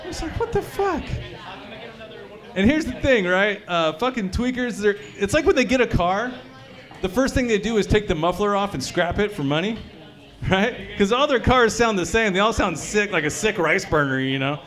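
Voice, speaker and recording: A man's voice: high voice, lively intonation, normal speed, fairly bright tone. A man performing a crude, conversational stand-up set at a brewery comedy showcase, often quizzing the crowd.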